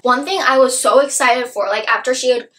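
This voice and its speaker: A woman's voice: high-pitched, fairly quick, fairly bright tone, poor audio. A woman gushing about a book she loved in a casual, rambling review, full of "like" and asides.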